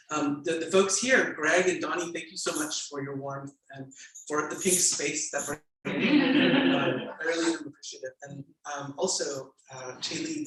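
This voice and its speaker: A male author thanking guests with halting, filler-heavy speech and then reading from his memoir at a bookstore event. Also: a little high, fairly bright tone, slight background noise. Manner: hesitant with many fillers, then measured reading. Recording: echoey room, mic far off.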